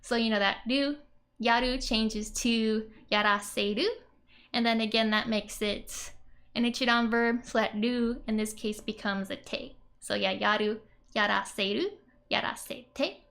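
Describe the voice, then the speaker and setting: A woman's voice: fairly high pitch, fairly even intonation, measured pace, vocal fry, a bit bright. A woman explaining Japanese grammar in a casual lesson, chatty and giggly, with many "like" and "um" fillers. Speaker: Japanese language teacher.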